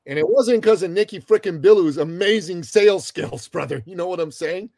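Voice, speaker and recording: A middle-aged man from Iran, a guest telling a story in an interview, animated and calling the host brother. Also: high-pitched, a little fast, vocal fry, dry recording.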